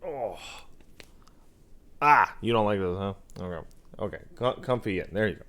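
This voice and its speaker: A man's voice: on the low side, animated, a little slow, fairly bright tone. A man streaming from home on a desk mic, chatting casually to his cat with profane, mock-scolding banter. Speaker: game streamer. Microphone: desk mic on a stand.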